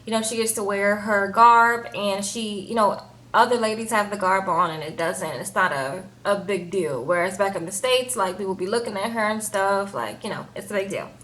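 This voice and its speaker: A woman reviewing a reality show in a casual, animated chat, often tagging lines with "okay?" and "baby". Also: medium pitch, moderate pace.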